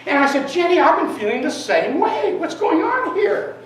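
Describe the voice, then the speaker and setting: A woman's voice: very high voice, big pitch swings, normal speed, a little hiss or hum. A woman giving an informal sermon to a congregation, talking conversationally and putting questions to the audience. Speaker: lay minister giving a talk. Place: church meeting room. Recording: very echoey hall, distant mic.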